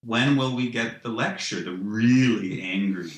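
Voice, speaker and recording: A man's voice: lowish voice, unhurried, echoey room, poor audio. A man talking in a casual podcast conversation, rambling with many restarts and "you know"s, and laughing at his own ideas. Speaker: guest, comic writer.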